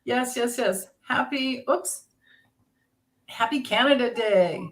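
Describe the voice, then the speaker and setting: A woman's voice: on the high side, slow pace. Chatty middle-aged woman greeting livestream viewers. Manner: chatty, greets viewers by name, laughs often. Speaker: tarot reader hosting a livestream. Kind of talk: casual livestream chat.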